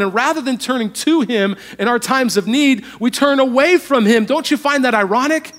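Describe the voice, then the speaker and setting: High-voiced pastor, hushed to loud. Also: male voice, normal speed, few pauses. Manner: animated, humorous storytelling, swinging from hushed to loud. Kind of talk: sermon. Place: church.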